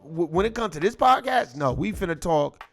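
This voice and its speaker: A man with a high voice that swings wildly up and down delivers a cussing, irritated rant. He circles back over his points again and again. Faint music sits behind him. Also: big pitch swings, normal speed, a bit bright. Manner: irritated, cussing, repeats himself. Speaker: commentary host. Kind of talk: profane ranting commentary.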